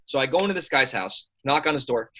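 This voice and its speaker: Young man in his twenties, sales coach guest, lively casual storytelling with quick asides. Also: mid-range voice, low-quality recording. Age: early 20s. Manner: animated anecdote with quick asides.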